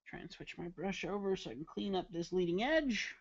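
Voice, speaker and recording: Here a live-streaming caricature artist keeps things playful, bantering with viewers as he draws. The dry recording carries his high, animated, fairly quick voice through dull lo-fi stream audio.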